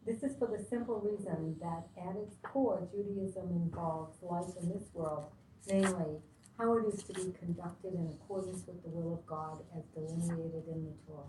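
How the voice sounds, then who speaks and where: A woman in a class reading a passage aloud in a steady, even way. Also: fairly low pitch, normal speed. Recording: distant mic in echoey room with faint hum.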